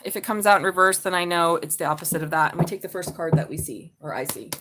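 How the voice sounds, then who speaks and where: A woman's voice: on the low side, quick pace, noisy background. A woman doing a live tarot reading, chatty and blunt, swearing and laughing as she talks. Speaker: tarot reader.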